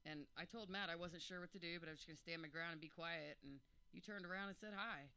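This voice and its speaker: At his birthday roast, the guest of honor, a man in his forties, rambles through thank-yous to his friends, overwhelmed and joking. He speaks fast in a fairly high voice with vocal fry, pushed and bright, clear and resonant.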